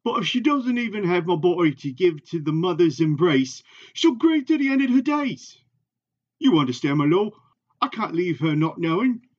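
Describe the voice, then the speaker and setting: A man's voice: high-pitched, sing-song, normal speed, muffled recording, voice pushed up. Man reading as a pleading, worried family man. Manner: pleading, urgent. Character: anxious family man begging his lord for help.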